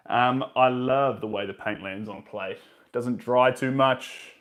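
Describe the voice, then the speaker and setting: A man's voice: mid-range voice, a little slow, fairly bright tone. A man, chatting casually to his live stream viewers while he paints, muttering to himself between remarks.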